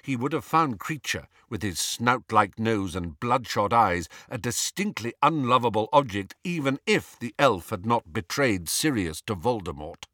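A man reading a novel aloud as an audiobook narrator, in measured and expressive storytelling. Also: lowish voice, dry recording, studio quality. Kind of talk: scripted narration.

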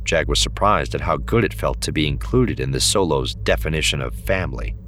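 A man reads a novel aloud in a steady, even storytelling voice. His voice is very deep. A faint hum sits underneath. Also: a little fast. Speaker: audiobook narrator. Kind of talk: scripted narration.

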